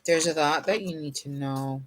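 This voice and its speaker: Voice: medium pitch, normal speed, noisy background. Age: unknown. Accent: none. Role: tarot reader. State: sleepy, yawning. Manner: rambling, casual, reads from a guidebook at times. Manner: rambling, self-interrupting, with laughs and fillers; reads card meanings from a guidebook aloud. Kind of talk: casual tarot reading to camera.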